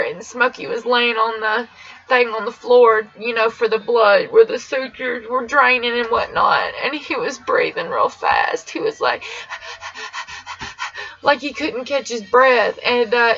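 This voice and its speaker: A woman's voice: fairly high pitch, creaky, fairly bright tone. A young woman tells a personal story for her vlog, in an emotional, rambling way. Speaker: vlogger. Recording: dull lo-fi sound.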